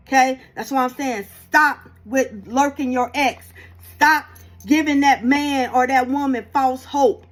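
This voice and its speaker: Woman, high voice, sassy and blunt, swears casually, spiritual reader giving a tarot message to viewers. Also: slight background noise. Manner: sassy, blunt, swears freely, addresses viewers as baby and y'all.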